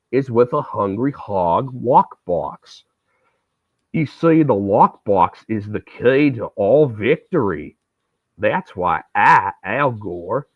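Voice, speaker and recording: A man putting on a parody voice of a stiff male presidential candidate, speaking slowly and deliberately. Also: on the low side, dry recording. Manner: slow, deliberate, wooden parody speech. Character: stiff middle-aged male presidential candidate, wooden and slow. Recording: tinny, phone-like, dry sound.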